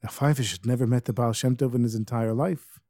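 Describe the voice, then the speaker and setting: A man storyteller telling a Hasidic tale in a lively, emphatic way. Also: mid-range voice, brisk, no echo, clean studio sound.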